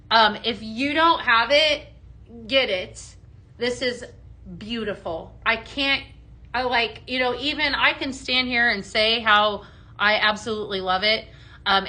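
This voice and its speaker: A woman's voice: fairly high pitch, bright, forceful tone. A woman hosting a live shopping show, gushing over products with many ums and reading out viewer comments. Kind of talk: live product demo chat.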